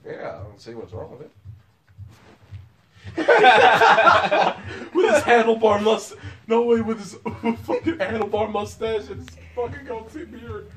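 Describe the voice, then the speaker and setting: Animated high-voiced man telling stories. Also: slow. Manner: animated storyteller, acts out shouting characters and laughs a lot. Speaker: podcast co-host. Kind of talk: casual chat among friends.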